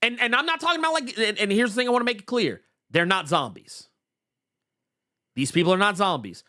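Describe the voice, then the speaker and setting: A man co-hosting a podcast, chatting casually about comics with animated stammering restarts. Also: high-pitched, fairly quick. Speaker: podcast co-host. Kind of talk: casual comic book chat.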